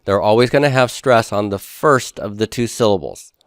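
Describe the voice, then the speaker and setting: A man's voice: on the low side, moderate pace, dry recording, studio quality. Man teaching a Hebrew grammar class. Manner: explanatory, asks the class questions and answers them. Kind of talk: classroom lecture.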